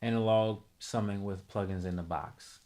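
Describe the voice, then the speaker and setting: Low-voiced man thinking aloud on stream. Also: steady tone, normal speed, warm tone. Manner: casual, thinking aloud, self-correcting, talks to chat. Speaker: music production streamer. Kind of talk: live tutorial chat.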